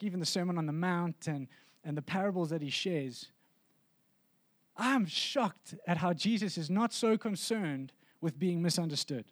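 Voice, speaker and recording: A man's voice: high-pitched, dry recording. A man preaching a sermon as pastor, earnest and conversational, often restarting his sentences.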